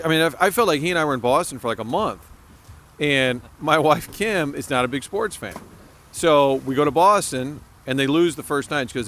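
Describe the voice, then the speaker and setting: A man co-hosting a casual sports podcast, telling stories in an animated way and laughing as he talks. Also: mid-range voice. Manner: storytelling, animated, laughs while talking. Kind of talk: casual chat.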